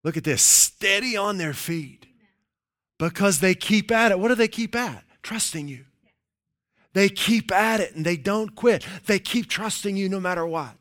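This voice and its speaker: A man preaching a sermon, emphatic and playful, repeating key phrases and reading scripture slowly. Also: high-pitched, fairly bright tone. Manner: playful asides, chuckles at his own jokes.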